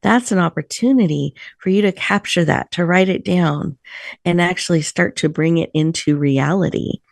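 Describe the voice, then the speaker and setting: Host type: woman guiding meditation, slow and soothing, slight vocal fry, dry close sound. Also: on the low side, no room sound. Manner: soft, slow, soothing guidance. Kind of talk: guided breathing meditation. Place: virtual room, video call. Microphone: video call.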